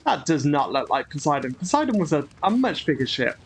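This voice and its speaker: A man's voice: on the high side, sing-song, a little fast, husky. A man hosting a gaming channel, giving chatty, grumbling, self-mocking commentary as he plays. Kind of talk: gameplay commentary.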